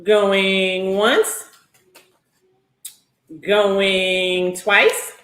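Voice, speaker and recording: A woman's voice: medium pitch, fairly even intonation, very slow, fairly bright tone, roomy sound. A woman hosting a live online giveaway in a playful, goofy way, calling out names again and again. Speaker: host. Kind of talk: live-stream giveaway, casual chat.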